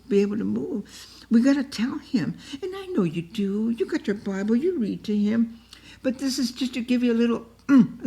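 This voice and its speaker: A woman with a dark, mellow voice teaches an informal Bible study. She repeats herself for emphasis and acts out pleading prayers with feeling. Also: fairly high pitch. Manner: emotive and repetitive, often acts out cries to God.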